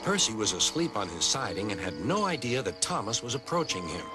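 An American man narrating a children's TV story in an expressive, storybook manner. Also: fairly low pitch, brisk. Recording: music bed under the voice.

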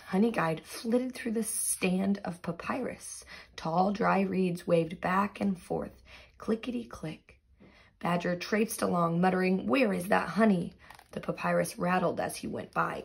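A woman teacher reading a storybook aloud with lively sound words, then going through quiz questions for her students. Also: lowish voice, gravelly, slightly rough.

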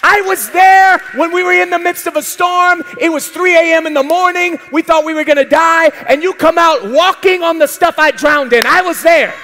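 A man's voice: very high-pitched, moderate pace, hardly any pauses, bright, forceful tone, some chatter behind, exaggerated voice. A man preaching as the apostle Peter, a devoted fisherman praying aloud in heartfelt first person, in a church hall with long reverb. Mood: fervent. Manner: heartfelt first-person prayer, intense and pleading. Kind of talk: dramatized sermon monologue.

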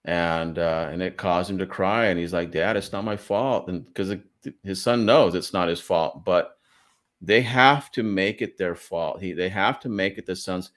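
A man's voice: sits low, moderate pace, a bit bright. A man giving earnest, emphatic analysis of an interview as a guest statement analyst. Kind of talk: analytical commentary.

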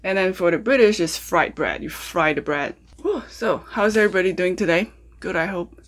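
A woman's voice: lowish voice, moderate pace. A woman food vlogger chatting casually as she walks through cooking and eating breakfast, full of ums and uhs, talking straight to her viewers. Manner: talks to viewers directly, asks them questions. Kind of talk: casual cooking and mukbang chat. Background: faint background music.

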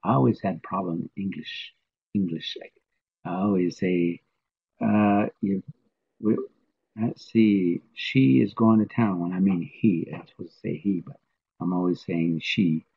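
Slow gravelly man teaching a language. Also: low voice. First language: Navajo. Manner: slow, patient, repeats words for learners. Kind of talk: informal spoken lesson. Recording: tinny phone-like audio.

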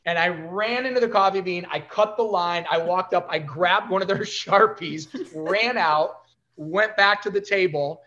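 A man talking as a podcast guest, telling stories in an animated way and acting out the dialogue. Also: sits high, unhurried, muffled recording. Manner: animated storyteller who acts out quoted dialogue. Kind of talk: casual storytelling interview.

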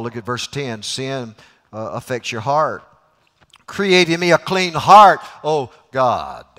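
A man preaching a sermon as guest preacher in a church, folksy and joke-telling, swinging between loud and quiet. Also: mid-range voice. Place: church sanctuary. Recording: reverberant church hall.

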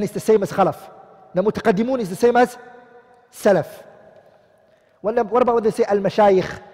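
A teacher with a high, warm, husky voice gives a classroom lecture, asking his students questions, answering them himself and repeating each key term. The recording carries a long hall reverb.

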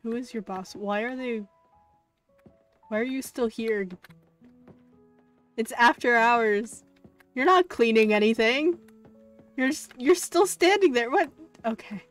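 A woman streamer gives playful live commentary on a game in a slightly high voice, drawn out at a slow pace. She is easily excited, gasping and cooing, and now and then drops a swear. Soft game music plays quietly behind her. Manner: excitable, gasps and coos, swears lightly. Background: faint game music.

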